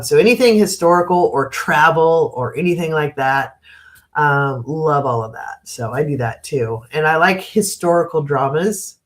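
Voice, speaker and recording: A woman hosting a casual live stream, chatting, reading out viewer comments, laughing often and giving frank opinions on the news. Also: deep voice. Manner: frank and opinionated on current events.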